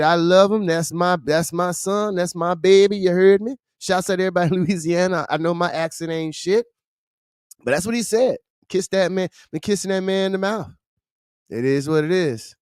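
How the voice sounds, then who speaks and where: Male livestream host, blunt and profane commentary, high and smooth voice, dry close mic. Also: no echo. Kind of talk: casual commentary stream.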